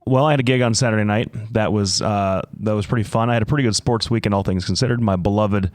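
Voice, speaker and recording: A man co-hosting a casual radio chat, giving relaxed, short dry replies. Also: lowish voice, quick pace, no room sound. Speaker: co-host.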